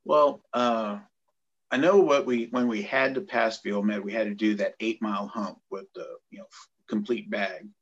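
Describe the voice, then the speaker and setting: Low-voiced, husky man telling a war story. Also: normal speed, highs cut off. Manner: animated, acts out quoted voices. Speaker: guest, former Navy corpsman. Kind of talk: casual storytelling.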